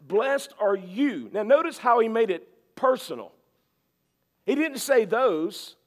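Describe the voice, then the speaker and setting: A male pastor preaching a sermon, emphatic and repetitive, swinging from loud to soft. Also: high voice, lively intonation, slow pace.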